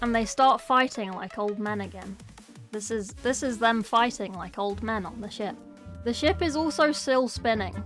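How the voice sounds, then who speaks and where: A woman's voice: fairly high pitch, moderate pace, fairly bright tone, faint music behind. A woman casually reading a novel aloud, with playful, chatty asides. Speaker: book reader.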